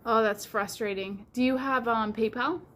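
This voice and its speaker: A livestream host chats casually in a woman's voice that sits on the high side, fairly bright and at a moderate pace. She rambles along, filling her talk with words like "like."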